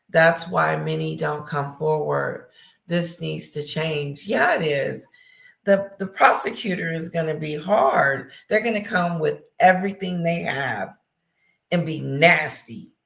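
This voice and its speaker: A woman with a low, gravelly voice hosts a live chat stream, taking her time over each word. She reads viewer comments aloud and answers them, greeting regulars by name. The sound is roomy and echoey. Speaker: livestream host reading chat. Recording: echoey room.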